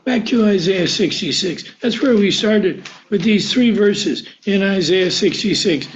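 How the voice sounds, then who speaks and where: Male pastor, high voice, sermon of rhetorical questions, dull lo-fi recording. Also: lively intonation, a little slow, slight background noise. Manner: rhetorical questions, answering himself.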